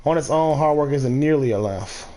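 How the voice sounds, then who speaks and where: A man's voice: a little high, normal speed, crowd noise. A man streaming a game, ranting casually in a rambling, profane way with many restarts. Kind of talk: casual ranting while gaming.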